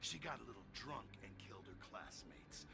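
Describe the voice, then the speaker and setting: An actor playing a sardonic, defensive male henchman in a video game, with a gravelly voice. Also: medium pitch, lively intonation, normal speed, over music. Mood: gruff banter.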